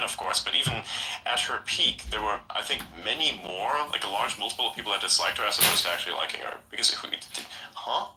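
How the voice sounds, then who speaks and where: A man's voice: fairly low pitch, noisy background. A man in casual podcast conversation, emphatic and incredulous, often repeating himself.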